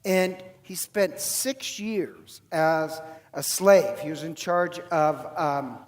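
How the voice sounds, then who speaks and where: A man from Ireland, a priest, telling a story in a homily in an easy conversational way, with many fillers and quick self-corrections. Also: on the high side. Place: church. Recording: church hall reverb.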